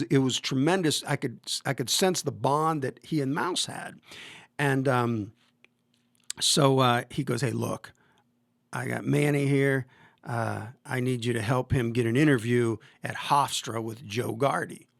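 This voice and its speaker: A man's voice: mid-range voice, gravelly, fairly bright tone, no room sound, clean studio sound. A man in his fifties, a football coach hosting a podcast, telling long stories in a rambling way, with many fillers and restarts. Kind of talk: casual storytelling interview.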